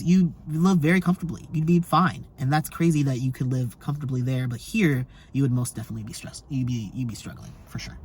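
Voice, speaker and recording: Casting: vlogger, mid-pitched, an animated to-camera rant with some swearing. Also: quick pace, hardly any pauses, husky. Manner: animated, emphatic, swears, laughs between points. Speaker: travel vlogger.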